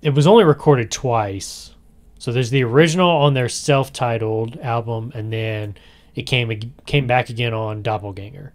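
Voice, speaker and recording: A man's voice: mid-range voice, moderate pace, darkish tone. A man hosting a podcast in a casual chat, talking in a chatty, rambling way and often laughing. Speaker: podcast host.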